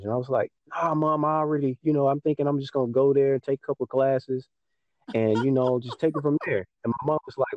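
A man's voice: medium pitch, quick pace, a little mellow, no room sound, dull audio. A young man from Texas in casual chat, telling a story and acting out what people said to him. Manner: storytelling, acts out dialogue with mom.

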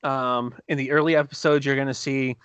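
A man co-hosting a casual podcast, excitedly retelling TV scenes with quick laughs and restarts. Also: medium pitch, smooth, dry recording, dull audio. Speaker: podcast co-host reviewing TV episodes. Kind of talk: casual chat.

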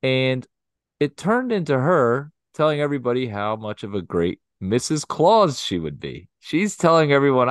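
A man's voice: medium pitch, normal speed, smooth, no echo, studio quality. A man in his thirties co-hosting a casual podcast, telling family stories with lots of laughter. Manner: animated storyteller, laughs often, swears. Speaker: podcast co-host. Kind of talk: casual chat.

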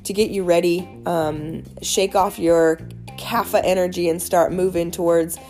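A woman speaks in a fairly low voice, talking through wellness advice in a casual, earnest and animated way. Soft music plays faintly behind her. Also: measured pace. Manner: earnest, animated, chatty with many fillers.

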